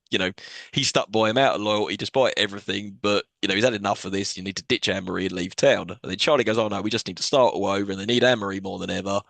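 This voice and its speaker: A man's voice: fairly low pitch, a bit bright, no room sound. A man co-hosting a podcast, recapping a film plot in casual chat with sarcastic, sweary asides. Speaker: podcast co-host.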